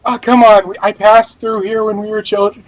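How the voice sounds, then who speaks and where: A man's voice: sits high, little pitch movement, moderate pace, natural voice, low-quality recording. A man voicing a brash young male elf adventurer who gushes and pleads with an old acquaintance in a tabletop game. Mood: gushing. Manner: gushing, pleading familiarity.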